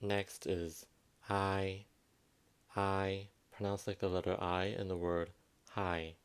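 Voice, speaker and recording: A man with a Southwestern Vietnamese accent giving a pronunciation lesson, repeating each word slowly and carefully. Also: low voice, level tone, clear, resonant tone. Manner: slow, careful teaching, repeats words for emphasis. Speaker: language teacher.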